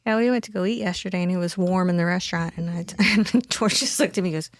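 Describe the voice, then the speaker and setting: A woman's voice: fairly low pitch, fast talker, no room sound, clean studio sound. Laughing middle-aged woman telling stories. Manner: animated storyteller, laughs often, stumbles over words. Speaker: podcast co-host. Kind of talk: casual chat.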